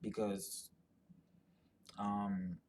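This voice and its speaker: A man's voice: on the low side, little pitch movement, extremely slow, a little mellow, slight background noise. A man giving a casual explanatory monologue, rambling and thinking aloud with many fillers and restarts. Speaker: commentator on genetic ancestry.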